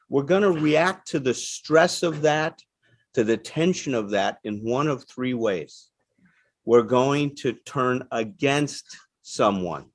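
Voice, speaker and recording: A guest speaker on addiction recovery lectures a seated audience in a mid-range voice with no echo. His delivery is plain, emphatic and conversational, and he keeps checking in with "right?".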